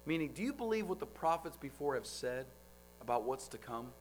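A man preaching a sermon, firing off rhetorical questions and swinging between loud, driving lines and quiet ones. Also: mid-range voice, sing-song, fairly quick, faint music behind.

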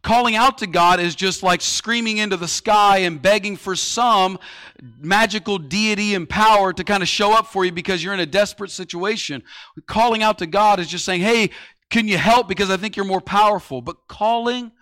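Male pastor, high bright voice, chatty sermon with rhetorical questions. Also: normal speed, smooth. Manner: conversational preaching with everyday analogies and rhetorical questions.

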